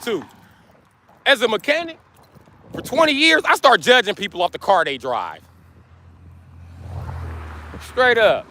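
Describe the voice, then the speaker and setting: A man's voice: extremely high pitch, creaky, bright, forceful tone. A man in his forties from the United States, ranting on a livestream, blunt and cursing nonstop. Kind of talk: profane rant to a live stream.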